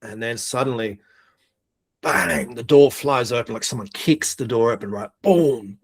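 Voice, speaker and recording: Middle-aged bloke from australia telling a story, swears a lot, laughs through it, mid pitch. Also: male voice, fairly quick, a little mellow. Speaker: podcast guest, air force veteran. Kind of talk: casual storytelling.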